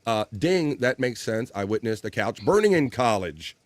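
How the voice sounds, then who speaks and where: A man's voice: mid-range voice, sing-song, moderate pace, no echo. A man hosting a casual livestream, reading viewer comments aloud, laughing often and swearing casually. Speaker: livestream host.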